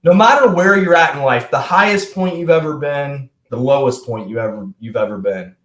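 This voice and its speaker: Energetic young man coaching in an echoey room. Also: mid-range voice, moderate pace. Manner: energetic, emphatic, addresses viewers as guys. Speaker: motivational coach. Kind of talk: motivational talk to camera.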